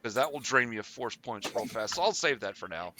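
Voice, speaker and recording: A man playing in a tabletop game works eagerly through movement rules out loud. His voice has a bright, forceful edge, and he talks casually. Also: medium pitch, expressive, brisk, no echo. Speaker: player.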